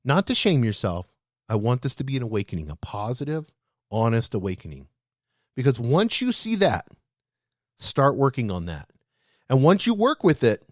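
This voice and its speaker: A man hosting a leadership show, speaking straight to his listeners in a lively, animated way. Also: mid-range voice, no room sound, studio quality. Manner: animated, addresses listeners as "guys". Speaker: podcast host.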